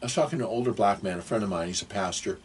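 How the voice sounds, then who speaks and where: A man's voice: on the low side, racing, slightly rough. An older man giving advice in a casual, rambling, digressive monologue to camera.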